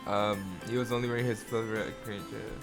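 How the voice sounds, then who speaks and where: A host reading fan fiction aloud in a casual reaction video, moving between slow, even reading and loud, shocked, swearing outbursts. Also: medium pitch, gravelly, music in the background.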